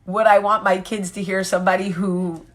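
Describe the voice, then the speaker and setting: A woman's voice: medium pitch, flat delivery, normal speed. A woman in her forties hosting a casual live chat with viewers, joking candidly and answering their comments. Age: 40s. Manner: candid, joking and chatty, reading comments aloud. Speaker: vlog host.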